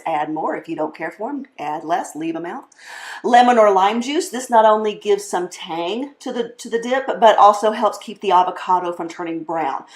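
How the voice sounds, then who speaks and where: A woman's voice: medium pitch, reverberant. A woman hosting a casual live cooking demonstration, chatty and laughing often, with plenty of fillers as she works. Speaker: cooking show host.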